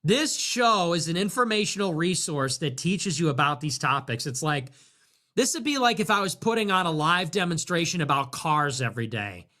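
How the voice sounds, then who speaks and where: A man hosting a livestream, rambling sarcastically, laughing often, swearing and dropping into low mutters. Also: animated, normal speed, pushed and bright. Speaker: livestream host. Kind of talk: casual livestream commentary.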